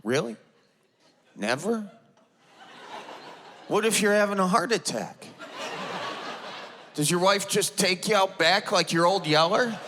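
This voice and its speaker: A man's voice: high voice, takes it slowly, long pauses. A stand-up comedian in his thirties with an Upper Midwest accent, telling stories in a folksy, playful way before a live audience on stage. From Wisconsin. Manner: folksy, animated, playful storytelling. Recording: loud live audience noise.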